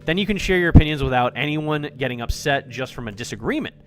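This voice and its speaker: A man's voice: on the high side, lively intonation, quick pace, faint music behind, natural voice. A man reading aloud a cheerful young female club president from a visual novel, in a playful, teasing way. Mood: earnest.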